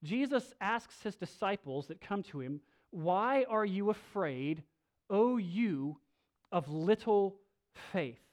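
A male pastor preaching a sermon, moving between loud, slow emphasis and soft, low asides, with casual restarts. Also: lively intonation. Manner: conversational, with filler restarts.

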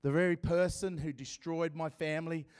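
High-voiced man preaching with big swings. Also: steady tone, moderate pace, clean tone, no echo, clean studio sound. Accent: non-American. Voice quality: bald man with an accent. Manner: swings from shouting to hushed, dramatic. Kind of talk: sermon.

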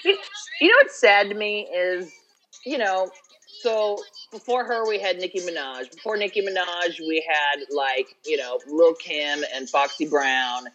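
A woman co-hosting a casual podcast chat, playful and quick to laugh, swinging between loud and quiet. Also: lowish voice, slight background noise. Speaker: podcast co-host. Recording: dull lo-fi sound.

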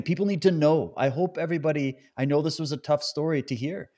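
A man's voice: on the high side, quick pace, hardly any pauses, mellow. A man hosting an interview, commenting earnestly and with indignation on what his guest tells him. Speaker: host, interviewer. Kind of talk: interview talk.

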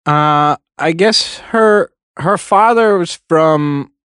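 A man co-hosting a podcast, chatting in a relaxed, offhand way. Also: a little high, slow, clear, resonant tone, no echo, clean studio sound. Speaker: podcast co-host. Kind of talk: casual chat.

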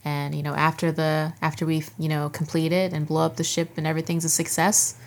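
A woman's voice: low voice, level tone, brisk. A woman co-hosting a casual TV recap chat, laughing often and acting out characters' lines. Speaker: podcast co-host.

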